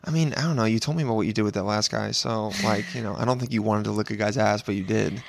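A man's voice: on the low side, fast talker, vocal fry, a little hiss or hum. A man hosting a loose, joking chat, cursing freely. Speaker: podcast host. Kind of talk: casual chat.

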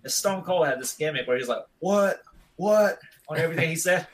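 A man's voice: a little high, very fast, fairly bright tone, rough recording. A man in his thirties telling a long school story in casual chat, rambling and laid-back, with "dude" in almost every sentence.

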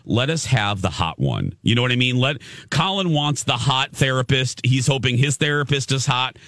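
A man's voice: medium pitch, moderate pace, no room sound, studio quality. A man hosting a radio morning show and telling a story casually and animatedly, acting out the people in it. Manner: animated storyteller who acts out quotes.

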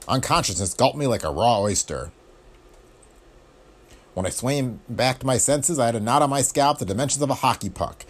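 A man narrating a hardboiled pulp detective story in a wry, brisk first-person delivery full of tough-guy slang. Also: mid-range voice. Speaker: audiobook narrator.

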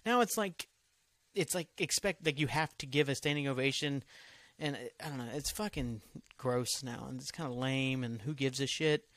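A man's voice: medium pitch, normal speed, fairly bright tone, no room sound. A man hosting a solo podcast, rambling from topic to topic in loose, profane talk that often trails off. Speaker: podcast host.

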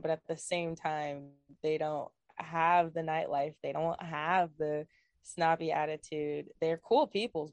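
A woman's voice: low-pitched, no echo. Chatty young woman, dry sound. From Virginia, USA. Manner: animated and rambling, laughs often. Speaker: guest. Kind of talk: casual chat.

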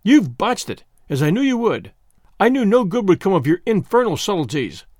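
A man putting on a hoarse, frantic young gentleman in an audiobook, his voice pitched high and swinging wildly between anguish and fury. He sounds lively and loud in a dry, close recording. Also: moderate pace, no room sound. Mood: furious. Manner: anguished, cursing outbursts.

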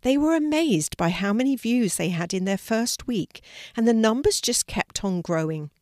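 An older woman narrating a children's story in a calm, even reading voice. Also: fairly high pitch, normal speed, no echo. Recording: dry close recording.

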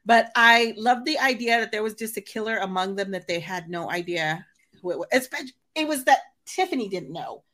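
A woman guest on a podcast in casual chat, excitable and breaking into shrieks as she reacts. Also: medium pitch, fairly quick.

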